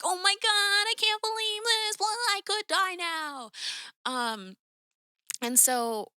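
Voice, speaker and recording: A woman's voice: on the low side, pushed and bright, smooth, no room sound, clean studio sound. A young woman hosting a podcast, telling a story in a chatty, casual way full of "like" and "um". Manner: chatty, lots of "like" and "um", acts out quoted voices. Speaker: podcast host.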